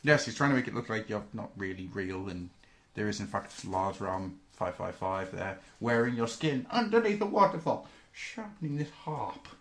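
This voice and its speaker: Goofy British podcast host, gravelly. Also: male voice, lowish voice, sing-song, normal speed, a bit bright. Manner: goofy, riffing on jokes, tired. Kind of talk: casual banter.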